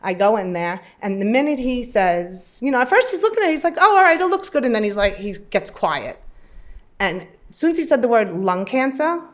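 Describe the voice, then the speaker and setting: A woman's voice: mid-range voice, brisk. A nervous, chatty woman tells her personal story to a live audience, acting out the conversations as she goes. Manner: chatty, animated storyteller who acts out dialogue. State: a little nervous. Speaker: patient speaking at an event.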